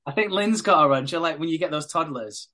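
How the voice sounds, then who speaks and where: A man's voice: a little high, fairly quick, sharp tone. A man chatting casually as co-host, recapping a show with lots of swearing and laughs. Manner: sweary, laughing, acts out quotes.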